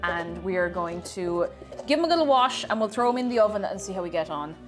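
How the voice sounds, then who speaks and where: A woman's voice: on the low side, lively intonation, fast talker, faint music behind. A woman streamer in casual live-stream chat, greeting viewers by name and playfully repeating phrases while she works in her home kitchen.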